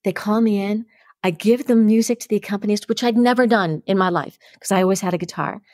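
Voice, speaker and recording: Lively New woman telling stories. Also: medium pitch, fast, dry recording, studio quality. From New York. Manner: lively, acts out the voices in her stories, laughs often. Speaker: podcast guest. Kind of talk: animated storytelling.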